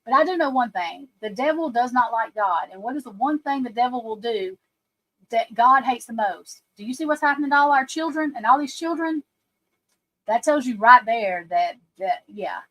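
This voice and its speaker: Woman, card reader, casual live talk, rambling, emphatic, talks to the audience, slightly high voice. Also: a bit bright, low-quality recording. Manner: rambling, emphatic, addresses listeners directly.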